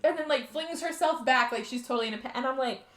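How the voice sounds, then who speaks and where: A woman's voice: high voice, fast, fairly bright tone, echoey room. A woman co-hosting a podcast, retelling a movie plot in casual chat and acting out the characters' lines. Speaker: podcast co-host.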